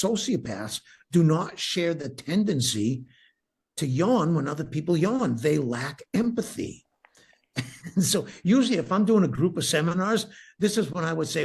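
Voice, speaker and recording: An enthusiastic man talks in a casual interview, explaining things with real energy and breaking into laughter now and then. His voice is a little husky, and his pitch swings widely as he makes his points. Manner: animated, enthusiastic, laughs often, restarts sentences. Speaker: breathwork teacher, podcast guest.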